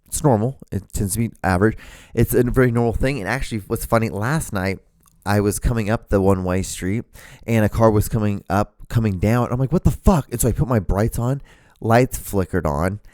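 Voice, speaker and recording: A man's voice: lowish voice, a little fast, darkish tone, no echo. A man hosting his own podcast, telling a rambling story casually from his room, swearing a lot and filling gaps with "like" and "you know.". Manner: rambling, profane, lots of fillers. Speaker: podcast host. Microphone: talking to a camera.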